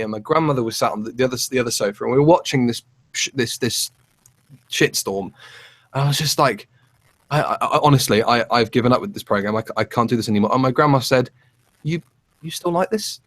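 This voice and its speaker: A man co-hosting a casual chat show, telling rambling, animated stories with many restarts. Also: mid-range voice, fast. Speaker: podcast co-host.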